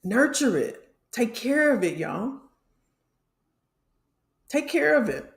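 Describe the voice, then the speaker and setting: A woman's voice: fairly high pitch, very animated, takes it slowly, vocal fry, roomy sound. A middle-aged woman from Illinois, a career coach talking passionately to her livestream viewers and calling them y'all. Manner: passionate, preachy, addresses the audience as y'all.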